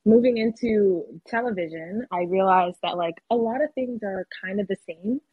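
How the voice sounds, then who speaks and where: A woman's voice: mid-range voice, normal speed, slightly rough, dry recording. A woman actor talking candidly in a casual podcast interview, using slang and laughing often. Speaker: actor guest. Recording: phone-like call audio.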